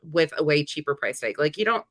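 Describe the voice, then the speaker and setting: A woman with a low voice hosts a reaction commentary. She talks bluntly and casually, with plenty of fillers. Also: animated, a little fast, fairly bright tone. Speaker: commentary host.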